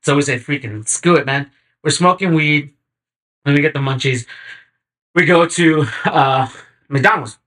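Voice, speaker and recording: A man guesting on a podcast, telling stories in a relaxed, slangy way. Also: fairly high pitch, a little slow, pauses often. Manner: laid-back, slangy, acts out quotes in animated bursts. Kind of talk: casual chat, storytelling.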